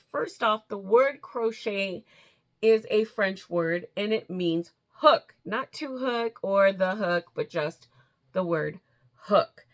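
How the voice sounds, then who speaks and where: A middle-aged woman vlogging in a chatty, excitable way, laughing often and restarting sentences. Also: mid-range voice. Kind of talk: casual chat. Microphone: camera in front, steps back and forth.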